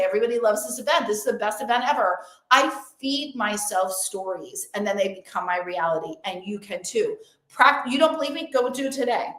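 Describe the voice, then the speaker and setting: A woman's voice: a little high, fairly quick, a bit bright. A young adult woman hosting a live-streamed motivational event as a coach, talking emphatically and effusively and repeating affirmations. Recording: roomy echo.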